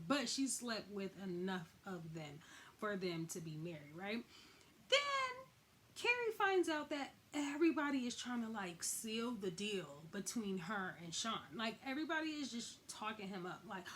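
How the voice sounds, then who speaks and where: A woman's voice: mid-range voice, very animated, normal speed, a bit bright, slight background noise. A woman giving a casual, slangy recap of a TV episode, acting out the characters' lines as she goes. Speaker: recap vlogger.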